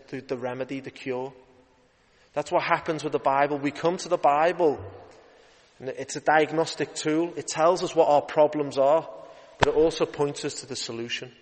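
A man preaching an evening sermon, lively and emphatic, rising in urgency as he drives his points home. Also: fairly high pitch. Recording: long hall reverb.

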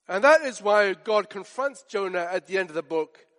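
A man preaching a sermon, emphatic and rhetorical, with dramatic pauses and acted quotes. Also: sits high, lively intonation, a bit bright. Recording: long hall reverb.

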